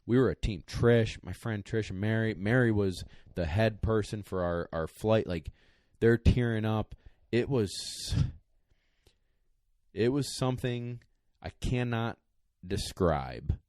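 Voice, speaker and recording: Man, deep voice, dry close sound; casual podcast storyteller, rambling and emotional, near tears. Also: slow pace, darkish tone, no room sound. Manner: emotional, rambling, choked up at times. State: tearing up. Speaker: podcast co-host, dog trainer.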